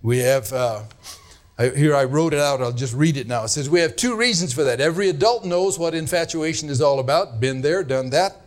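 A male pastor preaching to his congregation in an earnest, admonishing way. His voice sits a little high for a man. He stretches out the words he wants to land. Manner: earnest, admonishing, drawn-out emphasis. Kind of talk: sermon.

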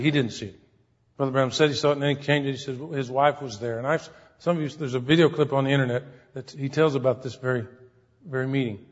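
A man preaching an earnest, folksy sermon, acting out the people he quotes. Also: mid-range voice. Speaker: pastor. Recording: dull recording in a hall with long reverb.

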